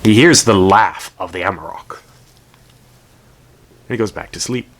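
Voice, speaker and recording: A man casually telling a folk story out loud, rambling with asides and the odd curse word. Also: lowish voice, measured pace, creaky.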